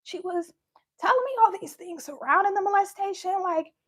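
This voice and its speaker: High-voiced young woman telling her story. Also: moderate pace. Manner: candid, conversational, acts out quoted lines. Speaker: speaker sharing her story. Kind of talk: personal storytelling, live.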